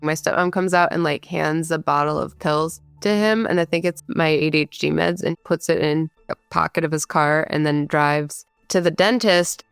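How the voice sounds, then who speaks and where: Speaking at a moderate pace, a Michigan-born woman in her thirties shares a personal story in frank, filler-heavy conversation. Her low, steady voice is creaky yet smooth. The recording is dry, with faint music behind her.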